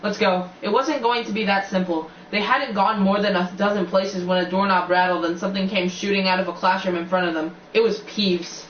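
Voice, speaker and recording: A man's voice: high-pitched, steady tone, brisk, few pauses, fairly bright tone, slight background noise. A man reading a storybook aloud, often stumbling and restarting words. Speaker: reader. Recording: echoey, distant, muffled home recording.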